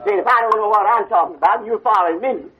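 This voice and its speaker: A man's voice: sits high, quick pace, background noise. An older man preaching to a class, stopping again and again to ask whether his listeners see the point. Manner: call-and-response, keeps asking "you see?". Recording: dull old 1970 lecture tape.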